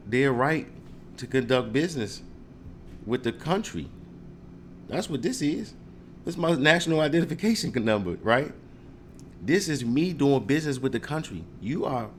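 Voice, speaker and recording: A man talks casually to the camera, animated and joking, acting out confrontations with mock questions. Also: medium pitch, slight background noise. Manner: animated, joking, mock-confrontational role-play with frequent laughs. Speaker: speaker giving advice to viewers.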